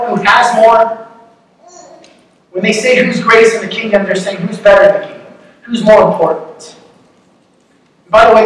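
A man's voice: high voice, fairly bright tone. Man preaching in an echoey hall. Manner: conversational, joking, rhetorical questions. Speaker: pastor. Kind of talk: sermon. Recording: echoey hall, distant mic, faint noise.

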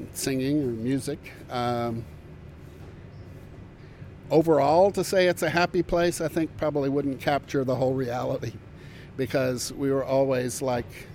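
An older man giving a reflective interview, speaking thoughtfully with frequent pauses, fillers and restarts. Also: mid-range voice, a little mellow, slight background noise. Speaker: interviewee recalling community work.

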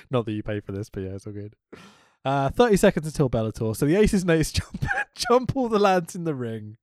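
Giggly co-host with a very lively voice. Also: mid-range voice, no echo, clean studio sound. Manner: giggly, sweary, slow-spoken. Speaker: podcast co-host. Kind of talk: casual recap chat.

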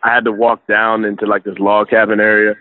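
A young man with a New York accent tells stories in a relaxed, profane way, full of street slang. His voice comes over a narrow, tinny line, like a phone call. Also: lowish voice, brisk, no room sound. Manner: profane, laid-back storytelling with slang. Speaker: guest. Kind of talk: casual interview.

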